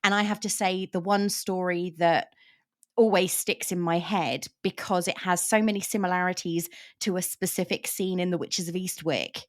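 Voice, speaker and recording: A woman discussing a novel in relaxed conversation, explaining points carefully. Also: fairly low pitch, normal speed. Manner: explanatory, thoughtful. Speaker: book discussion host. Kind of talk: casual book chat.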